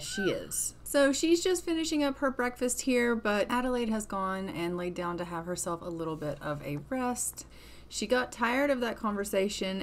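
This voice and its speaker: A woman's voice: mid-range voice, a little hiss or hum. A woman hosting a gaming channel, giving chatty, upbeat casual commentary over her play.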